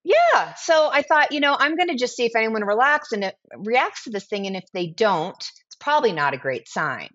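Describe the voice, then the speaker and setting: A woman's voice: fairly high pitch, moderate pace, hardly any pauses. Brief: woman in her 40s, chatty storyteller guest, acts out quotes, slightly dull lo-fi audio. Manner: animated, acts out quoted dialogue. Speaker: guest, brand founder. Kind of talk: casual storytelling interview.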